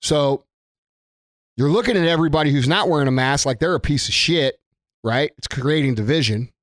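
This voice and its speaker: Speaking straight to camera, a man who runs a business vents in a furious, profane political tirade, hammering points home by repeating them. His slightly high voice moves a little fast, recorded dry at studio quality.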